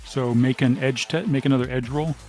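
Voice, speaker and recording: Male GM, mid-pitched, steady descriptive narration, faint music bed. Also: brisk. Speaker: game master. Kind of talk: narrating a tabletop game.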